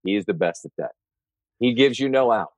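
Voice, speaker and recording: Chatting casually on a podcast, a middle-aged sports broadcaster laughs and playfully riffs on the host's stories. He speaks briskly with a fairly low pitch and lively intonation, and there is no echo.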